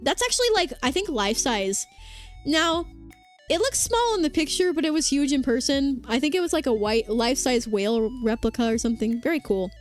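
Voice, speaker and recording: High-voiced young woman rambling on stream. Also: lively intonation, normal speed. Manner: rambling, filler-heavy, reads chat aloud. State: sore throat after hours of talking. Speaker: vtuber streamer. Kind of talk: casual livestream chat. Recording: faint music behind the voice.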